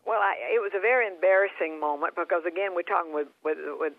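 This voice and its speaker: Woman guest over a phone line, earnest testimony, halting restarts. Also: lowish voice, no echo. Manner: earnest, with frequent repeats and restarts. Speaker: guest minister telling a healing testimony.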